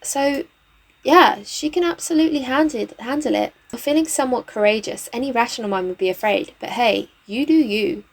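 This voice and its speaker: A woman hosting a game channel, chatting excitably through a let's play with lots of fillers. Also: on the high side, normal speed. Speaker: gaming channel host. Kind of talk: casual let's play commentary.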